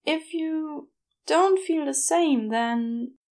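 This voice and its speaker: A woman voicing a gentle, fond male angel in a podfic reading. He speaks in a soft, earnest, tender way. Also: high-pitched, very slow, pitched above the performer's own voice, exaggerated voice.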